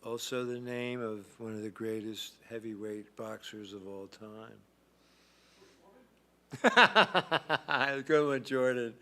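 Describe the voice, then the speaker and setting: Speaking slowly in a sharp, medium-pitched voice, the man presents a live trivia stream. His delivery is wry: he reads out the questions and answers and slips in dry asides.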